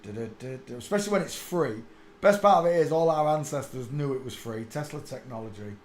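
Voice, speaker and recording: A man's voice: mid-range voice, expressive, fairly quick. A man talking casually to himself as he searches for pictures on screen, muttering and then bursting out laughing. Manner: rambling, mutters to himself, sudden loud laughing outbursts. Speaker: channel host. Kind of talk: casual commentary while searching images on screen. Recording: echoey room with faint ambient noise.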